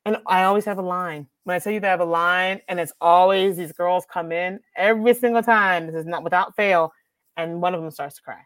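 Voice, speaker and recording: A young adult woman, an author talking in a casual conversation, animated and quick to laugh. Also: lowish voice, dry recording. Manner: animated, laughs often, acts out voices. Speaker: author and speaker.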